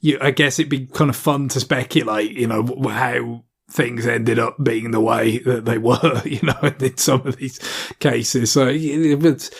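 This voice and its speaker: A man's voice: medium pitch, steady tone, measured pace, breathy edge. A man co-hosts a casual gaming podcast in an ordinary mid-range voice. He rambles hesitantly, doubling back and circling his point with frequent asides. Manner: rambling, hesitant, many fillers and restarts. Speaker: podcast co-host.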